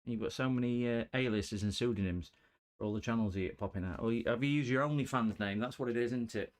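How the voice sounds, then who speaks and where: A livestream host fixing electronics talks quickly in a mid-range voice. Casual and chatty, he tosses out puns and jokes with viewers in the chat while working on the repair.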